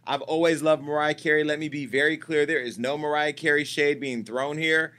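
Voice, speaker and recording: A man hosting a gossip show with a brash, profane delivery. His voice sits a little high and has a sharp, forceful edge. He talks in a casual, teasing way, as if chatting with people in the room. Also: brisk, hardly any pauses. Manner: brash, profane and teasing, talking to off-camera staff. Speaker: host of a celebrity gossip show.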